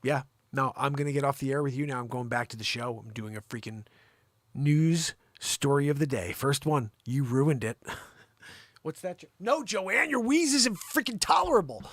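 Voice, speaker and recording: Teasing his co-host with feigned exasperation, a man hosting a live improv comedy show alternates between loud outbursts and low mutters. He speaks at a moderate pace, with no room sound.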